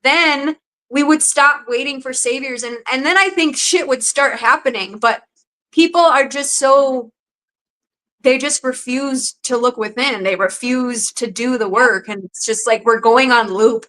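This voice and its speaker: A woman with a high, bright voice hosts a casual conversation. She talks bluntly and with exasperation, and she swears freely. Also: unhurried, low-quality recording. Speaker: podcast host. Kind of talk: casual chat.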